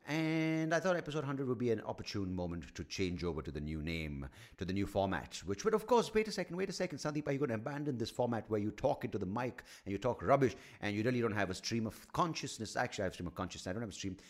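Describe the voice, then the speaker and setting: A man hosting a solo comedy podcast, rambling, swearing and mocking himself as he thinks out loud into a studio mic at home. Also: lowish voice, big pitch swings, fast talker, hardly any pauses. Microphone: studio microphone.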